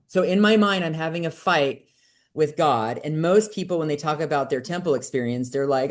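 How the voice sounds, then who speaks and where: Animated woman telling a personal story. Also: normal speed. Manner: animated, acts out quoted voices with big pitch jumps. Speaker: podcast guest. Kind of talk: candid conversational storytelling.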